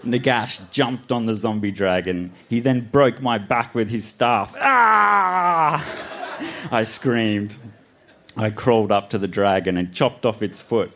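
Low-voiced man reading on stage. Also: unhurried. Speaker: reader on a live storytelling show. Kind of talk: reading his childhood story aloud. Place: live festival stage before an audience.

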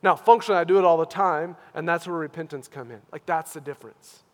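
A man preaching a sermon as a pastor, earnest and questioning, moving from hushed, tender phrases to loud, pressing appeals. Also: a little high, fast talker, in a large hall.

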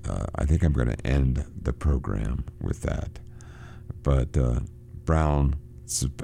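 A man hosting a radio book program, reading passages aloud and explaining them with halting repeats. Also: a bass voice, creaky, dark tone, slight background noise. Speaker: radio show host.

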